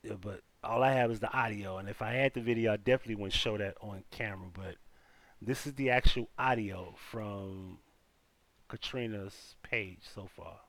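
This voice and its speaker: A man's voice: on the low side, moderate pace, fairly bright tone, dry recording. A man hosting a live stream, reading out news and talking loosely to his chat, often repeating himself. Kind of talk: casual news commentary.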